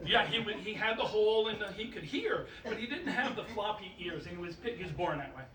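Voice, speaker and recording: A man's voice: high voice, a little fast. A man performing magic patter and telling a long joke to a live audience in a playful, laughing way. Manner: animated, laughing, playful showman. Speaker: stage magician and comic storyteller. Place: stage in a hall with a live audience. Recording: roomy, distant live stage recording with noise.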